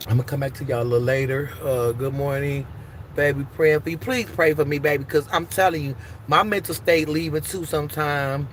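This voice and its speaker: A woman's voice: sits low, fairly even intonation, fairly quick, background noise. A woman hosting a casual live stream, talking emphatically and with plenty of swearing, moving between heated outbursts and tender encouragement.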